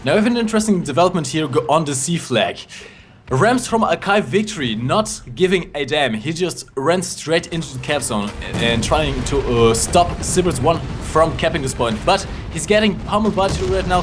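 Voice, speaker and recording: A man co-commentating a live esports tournament, giving animated play-by-play and analysis. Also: on the high side.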